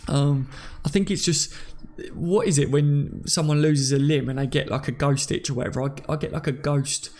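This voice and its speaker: A man's voice: on the high side, fairly even intonation, normal speed, a little mellow. A young man hosting a casual live stream, reading viewer comments aloud and laughing often.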